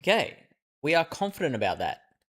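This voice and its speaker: A man's voice: a little high, huge pitch swings, normal speed, a bit bright, slightly rough. A male streamer giving live commentary on a game, thinking aloud and reasoning through clues.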